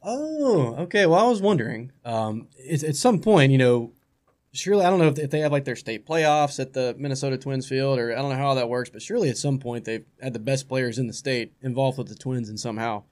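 A man hosts a sports talk show from a radio studio. His voice sits at an ordinary middle pitch. He rambles in a casual, excited way and keeps doubling his words. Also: a little fast.

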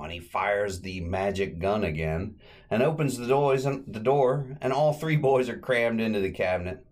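Relaxed man hosting a podcast. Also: on the low side, moderate pace. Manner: relaxed, rambling retelling with fillers. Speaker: podcast host. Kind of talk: casual podcast recap.

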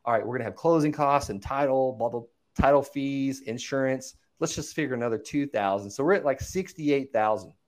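A man's voice: mid-range voice, brisk, hardly any pauses. A man, a land investor, chatting as a podcast guest, walking through numbers and acting out angry callers. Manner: animated storyteller, acts out callers' voices. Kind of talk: casual podcast interview.

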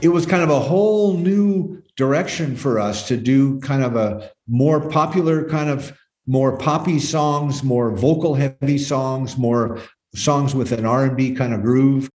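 An older man in an interview, spinning loose, wandering stories about old studio days. His voice has a medium pitch and sits in a roomy, echoey space. He slips into quick quoted voices of the people he talks about. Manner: rambling, quoting others in lively bits. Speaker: musician guest. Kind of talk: relaxed anecdotal storytelling.

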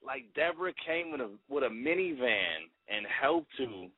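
A man's voice: mid-range voice, sing-song, normal speed, slightly rough, no room sound. A man from the Boston area calling in to a radio show, rambling and hesitant, often repeating words. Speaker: caller. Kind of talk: casual call-in chat. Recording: tinny phone line, dry.

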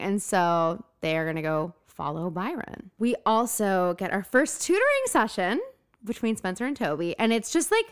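A woman co-hosting a podcast, recapping a TV episode in casual chat, animated and laughing often as she acts out scenes. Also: mid-range voice, normal speed, clean tone. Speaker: podcast co-host.

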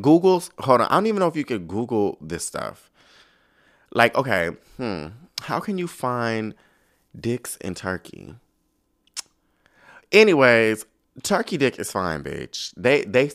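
A man hosts a podcast full of sassy, gossipy casual chat, swearing freely, calling listeners "girl" and drawing out his exclamations. His voice is mid-range, smooth and a bit bright.

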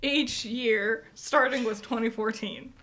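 A woman's voice: on the high side, slow pace, a bit bright. A woman co-hosting a casual podcast, chatting and laughing often. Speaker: podcast co-host. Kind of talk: casual chat.

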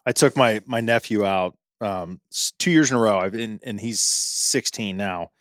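A man from Central Ohio hosting a podcast, telling stories in an animated way and laughing often. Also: lowish voice, moderate pace, no room sound, studio quality. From Central Ohio, USA. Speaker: podcast host. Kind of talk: casual chat, storytelling.

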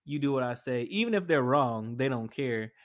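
A man's voice: mid-range voice, animated, normal speed. A young man hosting a casual solo podcast, telling stories in a rambling way with many fillers and restarts. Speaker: podcast host.

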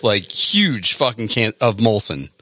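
A man's voice: lowish voice, very animated, unhurried, sharp tone, no echo. A man co-hosting a podcast in casual banter, laughing often and trailing off mid-sentence. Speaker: podcast co-host.

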